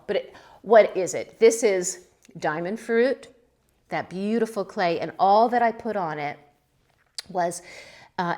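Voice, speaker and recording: Middle-aged woman, casual vlog host, chatty and effusive, mid-range pitch. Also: fairly bright tone. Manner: chatty and gushing, with gasps and little exclamations. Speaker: pottery channel host. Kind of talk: casual kiln-opening vlog chat.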